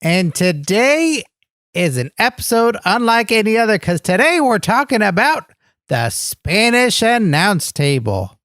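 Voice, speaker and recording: A man's voice: high-pitched, sing-song, unhurried, fairly bright tone, dry recording, studio quality, full character voice. Man doing a gushing, childlike wrestling trainee. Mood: naive. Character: eager, naive young male wrestler in training. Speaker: podcast co-host.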